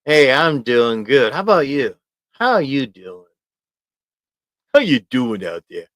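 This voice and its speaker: A man with a mid-range, fairly bright voice hosts a casual livestream from a small home office studio, rambling and chuckling as he reads viewer comments aloud. He sounds very animated but unhurried. The recording is dry, picked up by a desk mic.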